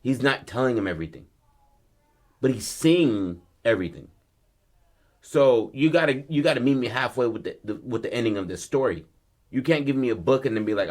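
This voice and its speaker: A man hosting a podcast, telling a story in a loose, slangy, animated way. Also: medium pitch, a little fast. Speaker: podcast host. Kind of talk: casual storytelling.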